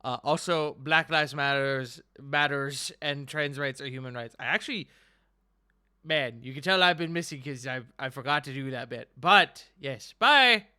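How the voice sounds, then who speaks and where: A man's voice: mid-range voice, moderate pace, sharp tone, smooth, no echo, studio quality. A man hosting and running a tabletop game, giving joking, upbeat sign-offs at the end of a stream. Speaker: game master and host. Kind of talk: casual stream outro.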